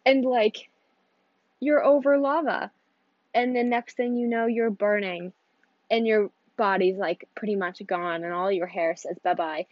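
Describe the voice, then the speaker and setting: A woman's voice: mid-range voice, fairly even intonation, measured pace, no echo, lo-fi sound. A teenage girl hosting her own podcast, chatting casually in a rambling, giggly way that keeps interrupting itself. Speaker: podcast host. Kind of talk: casual solo podcast chat.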